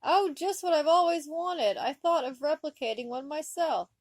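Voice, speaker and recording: A woman voicing a whiny, spoiled teenage boy cadet in a read-aloud story, pitched high and loud. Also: animated, normal speed, no echo, clean studio sound.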